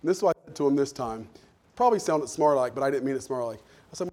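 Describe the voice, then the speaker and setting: A middle-aged pastor preaches a sermon at a racing pace in a medium-pitched voice. He tells stories in a folksy style, and his loudness swings in lively ways.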